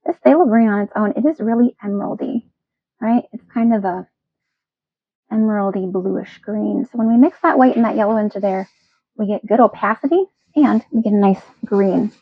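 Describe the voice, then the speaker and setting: A woman's voice: medium pitch, moderate pace, dry recording, muffled recording. A woman teaching a step-by-step painting lesson in a chatty, playful, self-encouraging way. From Wisconsin. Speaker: painting instructor.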